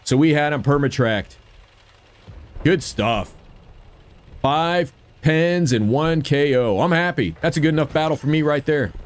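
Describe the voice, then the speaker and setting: A man's voice: a little high, lively intonation, a little slow, long pauses. A man giving upbeat gameplay commentary and cheering on his own shots. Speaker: gaming video creator.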